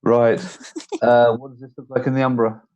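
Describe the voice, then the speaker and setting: A man's voice: mid-range voice, level tone, normal speed, a little hiss or hum. A man playing a tabletop game, talking hesitantly and asking the game master about the rules, heard over a dull lo-fi microphone. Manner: hesitant, asks rules questions. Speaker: player.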